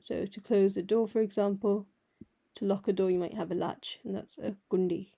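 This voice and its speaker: A woman teaching a writing lesson, patiently explaining each letter and repeating words slowly. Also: medium pitch, steady tone, creaky, mellow, breathy edge, muffled recording. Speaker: language teacher. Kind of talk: slow step-by-step alphabet lesson.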